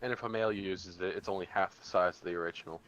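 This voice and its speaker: A man's voice: low voice, fairly even intonation, fast talker, fairly bright tone, lo-fi sound, slight background noise. A man playing a tabletop game, chatting with dry jokes. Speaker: player. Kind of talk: casual chat at a tabletop game.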